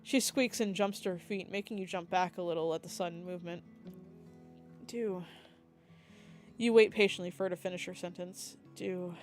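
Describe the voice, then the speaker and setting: A young woman, a streamer, reading the text of a dating game aloud with lively asides and slips. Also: on the low side, quick pace, few pauses, faint music behind.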